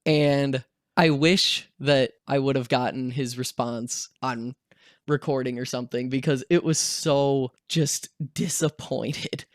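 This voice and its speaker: A young man telling a story in a casual, animated vlog style, swearing freely and acting out the voices of the people in it. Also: medium pitch, slow, no echo, studio quality. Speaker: vlogger.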